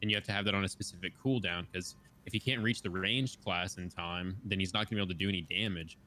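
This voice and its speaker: Bright-voiced young-sounding male gamer. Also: sits low, fast talker, slight background noise. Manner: thinks aloud with many "like" and "um" fillers. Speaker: podcast guest. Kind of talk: casual gaming chat.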